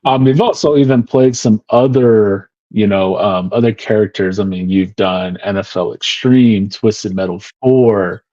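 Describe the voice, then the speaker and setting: A male host with a fairly low voice asks questions in a hesitant way, with many fillers. His audio sounds dull and lo-fi, and dry, with no room echo. He is interviewing a guest. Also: a little slow, few pauses, warm tone. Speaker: podcast host.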